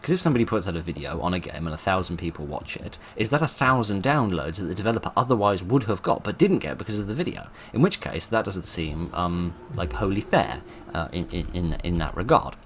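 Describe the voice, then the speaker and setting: A man with a very low voice talks through his channel's past and future in a loose, informal way. He weighs each point aloud, stopping and restarting often. A faint hiss sits under the recording. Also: expressive, fairly quick, few pauses. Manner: thoughtful, hesitant, many fillers and restarts. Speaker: channel host.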